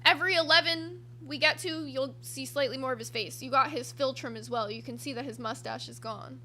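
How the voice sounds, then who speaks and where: A woman's voice: high voice, steady tone, fairly quick, bright, forceful tone, slight background noise. A woman hosting a livestream, reading super chats and giving blunt, profane commentary. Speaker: streamer host.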